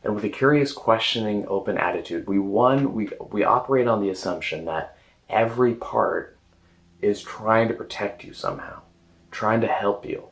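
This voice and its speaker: A man with a very deep voice gives a gentle, casual coaching talk. He speaks hesitantly and often restarts or trails off into fillers. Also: normal speed, gravelly, rough recording. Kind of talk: casual self-help talk.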